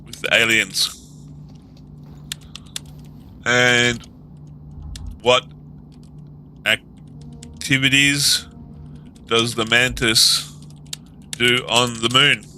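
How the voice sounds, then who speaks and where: A man hosting a live stream, speaking in a slow, measured way and repeating questions word by word as he types them. His voice is strongly bright and sharp. A faint noise sits under the recording. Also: mid-range voice, little pitch movement. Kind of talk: casual live-stream chat.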